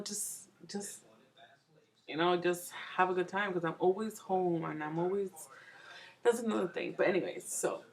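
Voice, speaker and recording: Young mom vlogger, from New York, rambling chat, low gravelly voice. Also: female voice, rough recording. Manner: rambling, full of fillers and restarts. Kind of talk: casual chat to camera.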